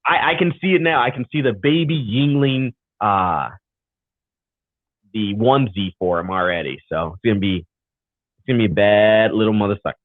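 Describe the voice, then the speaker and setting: A man with a fairly low voice and a moderate pace co-hosts a live racing talk show over a video call. In loose, casual chat he rambles through thanks and sign-offs, and the tinny, phone-like audio carries no echo.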